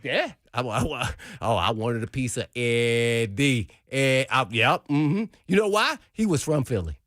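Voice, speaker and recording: A man's voice: mid-range voice, a little slow, no room sound. A man with a drawl talks football on a studio mic, voice leaping up and down as he acts out coaches and teammates. He laughs easily and tells stories with gusto. The sound is close and dry, with no room in it. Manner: animated storyteller, laughs often, acts out quotes. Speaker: sports radio co-host, former NFL player. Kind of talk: casual sports talk. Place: radio studio.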